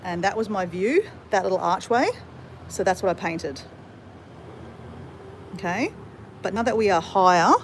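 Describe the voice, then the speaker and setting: A woman's voice: on the low side, slight background noise. Chatty woman vlogging to camera. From Australia. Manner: chatty, rambling, addresses viewers as guys. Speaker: travel vlogger. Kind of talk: casual vlog chat to camera. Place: hotel room in Bali.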